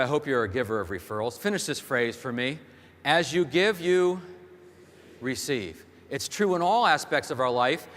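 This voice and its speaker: A man's voice: mid-range voice, a bit bright. A man giving a motivational keynote speech on a large hall stage, telling stories and firing rhetorical questions at the audience through a stage microphone. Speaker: keynote speaker. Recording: long hall reverb from a stage.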